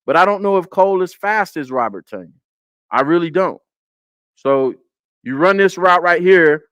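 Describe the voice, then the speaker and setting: A man's voice: sits high, lively intonation, moderate pace, a bit bright, smooth, no room sound, highs cut off. A man hosting a casual football film breakdown on a live stream, repeating his points and talking to the chat.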